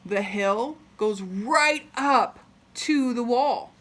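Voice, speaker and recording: A woman reading a picture book aloud with expressive delivery and chatty asides. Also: on the high side, extremely slow. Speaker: storybook reader.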